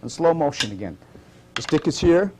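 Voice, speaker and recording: A man instructing a martial arts demonstration, calm and methodical, calling out each move and repeating "notice" and "okay" as he walks through it slowly. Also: fairly high pitch, slight background noise. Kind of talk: live demonstration teaching. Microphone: stage demonstration recording.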